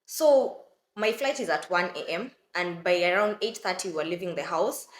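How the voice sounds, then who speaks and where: Young woman vlogger, chatty storyteller who keeps calling her viewers "guys", mid-range voice, roomy echo. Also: medium pitch. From Kenya. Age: young adult. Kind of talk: storytelling to camera.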